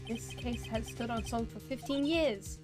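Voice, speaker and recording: A woman voicing a shaken young male defense attorney who speaks quietly and slowly, sounding defeated, with game music behind. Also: fairly high pitch, lightly acted.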